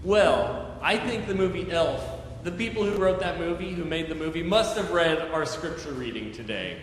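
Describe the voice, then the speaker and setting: A man, a pastor, giving a chatty children's moment in a church service, gently asking the children questions. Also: a little high, animated, moderate pace. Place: church sanctuary. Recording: very echoey church hall, faint noise.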